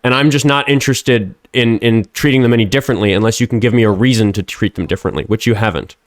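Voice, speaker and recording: Rich: A rapid-fire man in his thirties with a New York accent, hammering a caller with profane, lecturing arguments. His voice sits mid-pitch and is recorded close and dry, with no room sound around it. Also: dry recording. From New York, United States. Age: 30s. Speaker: show host debating a caller. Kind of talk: heated call-in debate.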